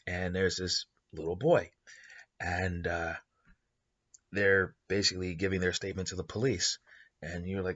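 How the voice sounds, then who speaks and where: Brief: male host, improvised storytelling, rambling delivery; husky, low voice. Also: level tone, a little slow, pauses often, a bit bright, muffled recording. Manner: rambling, many fillers and restarts.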